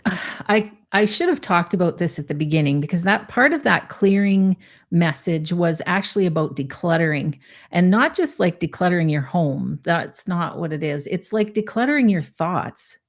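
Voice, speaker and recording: Chatty, encouraging woman with a lowish voice. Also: expressive, moderate pace. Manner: chatty, encouraging, rambling with likes and ums, laughs easily. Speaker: co-host of a spiritual live show. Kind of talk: casual motivational talk on a live stream.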